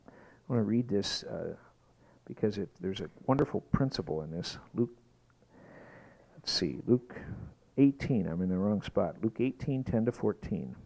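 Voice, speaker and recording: Man, pastor, sermon, lively rising and falling pitch, emphatic preaching. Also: normal speed, gravelly, long pauses, dull audio. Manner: lively, emphatic preaching that rises to shouted exclamations.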